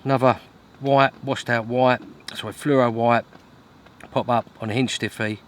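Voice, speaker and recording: A man's voice: mid-range voice, steady tone, normal speed, slight background noise. A man talking to camera while fishing outdoors, chatty and self-mocking, with grumbling asides. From Britain. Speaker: fishing vlogger. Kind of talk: casual vlog to camera. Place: outdoors at a lake in wind and rain.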